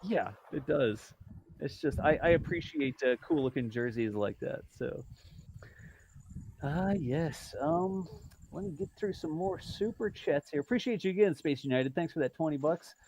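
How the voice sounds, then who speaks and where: A man's voice: on the high side, lively intonation, moderate pace, vocal fry, darkish tone, a little hiss or hum, low-quality recording. Chatty man hosting a livestream. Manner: chatty and rambling, with frequent fillers and self-corrections. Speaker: livestream host. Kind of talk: casual chat, reading out viewer donations.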